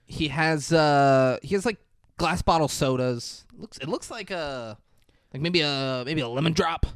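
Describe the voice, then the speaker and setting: A man's voice: on the high side, measured pace, no echo. A man co-hosting a podcast, retelling a film scene by scene in casual chat, acting out lines and swearing. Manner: animated, acts out scenes, swears. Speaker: podcast co-host. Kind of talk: casual movie recap chat.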